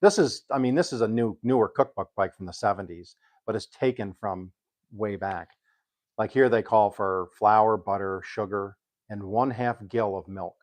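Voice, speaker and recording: Older male home cook, low-pitched, loose and chatty, lots of ums as he reads aloud. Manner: rambling and chatty, pausing with ums while reading aloud. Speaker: home cook hosting a live stream. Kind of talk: casual cooking live-stream chat.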